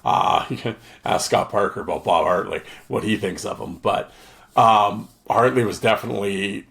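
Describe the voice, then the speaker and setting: A man with a fairly low voice reads old newspaper pieces aloud at a quick clip. When the talk turns casual he gets animated, rambling through his thoughts. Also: vocal fry. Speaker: podcast co-host. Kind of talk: reading articles aloud and casual chat.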